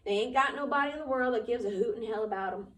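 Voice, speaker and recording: A woman reading aloud and voicing a weary grown man who speaks quietly and flatly. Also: fairly high pitch, fast, recorded from a distance, pitched above the performer's own voice, lightly acted. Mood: subdued. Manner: quiet, flat, subdued.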